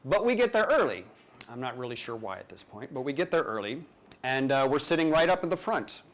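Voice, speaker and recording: A man's voice: mid-range voice, sing-song, fairly quick, a bit bright. A man telling a personal story live to an audience, conversational with playful, self-deprecating asides.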